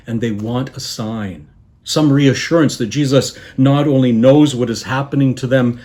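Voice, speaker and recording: A man preaching a sermon as a guest minister, telling the story in a measured, reflective way and letting his voice drop softly on quoted words. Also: medium pitch. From Canada.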